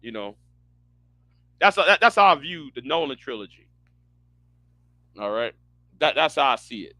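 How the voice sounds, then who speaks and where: A man hosting a livestream, ranting casually in a profane, animated way, often stammering and restarting his words. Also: mid-range voice, moderate pace, no room sound. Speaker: livestream host.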